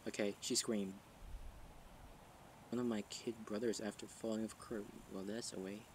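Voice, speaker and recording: A man's voice: lowish voice, level tone, normal speed, a little hiss or hum, rough recording. A man narrating a story casually, rambling and thinking aloud with fillers as he reads. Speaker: story narrator and channel host.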